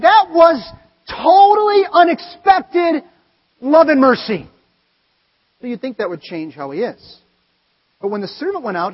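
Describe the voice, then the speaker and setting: A man preaching a sermon, telling stories with animated swings between loud exclaiming and quiet earnest talk. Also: very high-pitched, breathy edge. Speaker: pastor. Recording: dull, lo-fi sound with long hall reverb.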